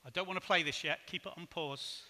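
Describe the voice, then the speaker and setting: A man giving a conference keynote in a hotel hall, measured and asking the audience rhetorical questions. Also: fairly high pitch, pushed and bright. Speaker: conference speaker. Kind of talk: keynote presentation. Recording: hall reverb.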